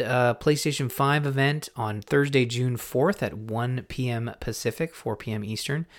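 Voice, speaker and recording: A man hosts a gaming podcast with a chatty, casual delivery. He rambles, restarts his sentences and trails off, then gets excited and speeds up again. His voice sits in an ordinary middle register. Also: medium pitch, normal speed, few pauses. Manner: rambling, self-interrupting, excitable. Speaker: podcast host. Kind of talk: casual chat.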